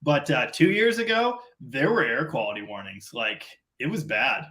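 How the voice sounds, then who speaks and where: A man's voice: medium pitch, expressive, normal speed, bright, forceful tone. A middle-aged man from Canada hosting a casual live stream, rambling and self-deprecating in long run-on sentences.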